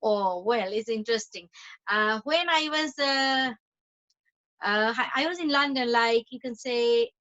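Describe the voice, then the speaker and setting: High, bright-voiced Bangladeshi-born woman on a call. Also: measured pace. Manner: talkative, repeats and restarts phrases often. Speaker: interview guest, entrepreneur. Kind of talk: casual interview chat. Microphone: video call. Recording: dull lo-fi call audio.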